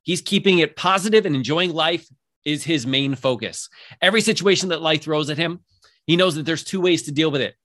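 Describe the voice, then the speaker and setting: An upbeat man hosting a casual podcast interview, his voice sitting a little high for a man. He is middle-aged and from Southern California, and he talks with eager energy, dropping in plenty of ums. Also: a little fast, a bit bright. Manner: upbeat, enthusiastic, many fillers. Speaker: podcast host.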